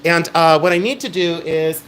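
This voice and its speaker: A man's voice: a little high, steady tone, moderate pace, fairly bright tone, slight background noise. Chatty middle-aged man selling jewelry. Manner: chatty, emphatic salesman patter. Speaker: live sale host. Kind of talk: live-stream jewelry auction.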